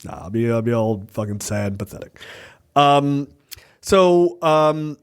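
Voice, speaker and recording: A man in his thirties co-hosts a podcast, casually recapping a movie in a laid-back storytelling style with lots of swearing. His mid-range voice is smooth and animated, and he doesn't rush. It's a relaxed movie review chat.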